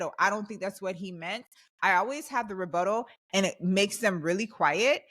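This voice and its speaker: A woman's voice: medium pitch, a bit bright. A young adult woman co-hosting a podcast, ranting in an emphatic, heated way in casual chat. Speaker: podcast co-host.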